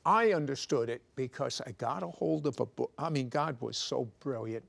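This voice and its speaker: A man telling his life story in a studio interview, animated and teasing, with jokes slipped between serious moments. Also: mid-range voice, normal speed, gravelly. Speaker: guest telling his testimony. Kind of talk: conversational testimony. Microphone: clip-on microphone.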